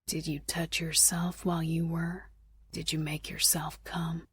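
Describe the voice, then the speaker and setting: Lady narrator doing a bossy shifter sheriff guy, low and hushed, husky, slow. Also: fairly even intonation, no echo, clean studio sound, exaggerated voice. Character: bossy, teasing adult male shifter sheriff.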